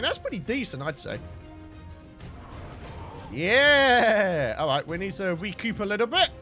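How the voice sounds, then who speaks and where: A man commentating his own gameplay, shouting and exclaiming, teasing his in-game pets, his voice getting worn. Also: sits high. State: losing his voice. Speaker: gaming channel host. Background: game background music.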